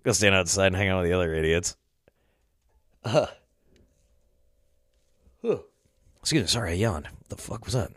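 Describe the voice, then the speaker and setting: A man's voice: deep voice, expressive, normal speed, pauses often, a bit bright, dry recording, clean studio sound. A man hosting a podcast, rambling through a casual story, swearing a lot and laughing as he talks. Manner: rambling, swears often, laughs mid-sentence. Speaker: podcast host.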